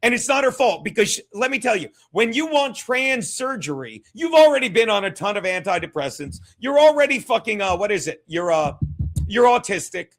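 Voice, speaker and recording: A man hosts a live stream in a loud, profane rant, mocking people and repeating his points. His voice sits unusually high and sounds bright and piercing. He often rises into shouts. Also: big pitch swings, fairly quick. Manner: repeats himself, shouts at times. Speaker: streamer host. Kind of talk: ranting live stream commentary.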